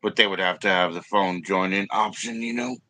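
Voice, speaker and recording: A livestreamer with a low-pitched, fairly even voice chats loosely and briskly, his tone pushed and bright on a dry recording. He rambles and swears to his viewers while battling technical trouble, coughing at times.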